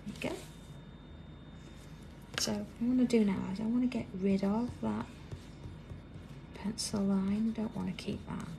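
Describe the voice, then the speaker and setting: A British woman with a gravelly, fry-tinged voice leads a live craft tutorial from her workroom. She chats easily and slips into near-whispers while she concentrates on drawing. A constant hum of background noise sits under her voice. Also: mid-range voice, fairly even intonation, a little slow, long pauses. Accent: British English. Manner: chatty, drops to a soft whisper while drawing. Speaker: craft demonstrator hosting a live stream. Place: busy indoor craft workroom.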